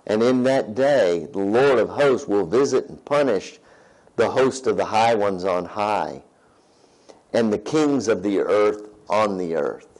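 A pastor preaches a sermon in a fairly low, mellow voice, animated yet a little slow. He reads scripture aloud and checks in with his listeners conversationally, asking "right?" The audio quality is poor.

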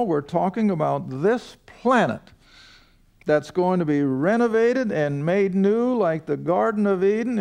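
Older guy teaching bible study, gravelly, folksy, keeps asking the room questions. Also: fairly high pitch, darkish tone. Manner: folksy, asks the class questions. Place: room with a studio audience.

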